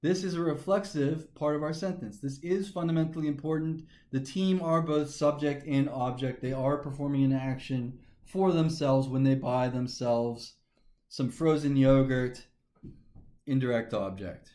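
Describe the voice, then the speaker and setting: A man's voice: medium pitch, normal speed, warm tone. A man teaching a grammar lesson, methodically talking through each step aloud. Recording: echoey room.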